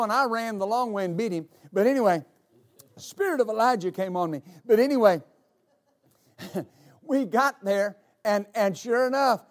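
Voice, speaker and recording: A middle-aged male pastor telling a story in a sermon, with many halting restarts that build into emphatic declarations. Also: high-pitched.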